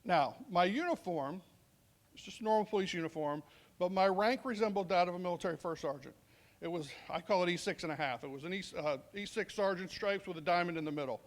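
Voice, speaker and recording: A middle-aged police sergeant speaking at a veterans summit tells a story conversationally and acts out bits of dialogue. His voice sits high and he talks fast.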